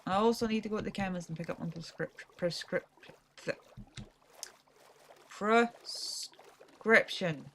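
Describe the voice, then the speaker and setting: A woman's voice: mid-range voice, measured pace, pauses often, a bit bright, slight background noise. A woman with a Scottish accent chatting casually while commentating her gameplay, rambling and self-deprecating. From Scotland. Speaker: gaming streamer.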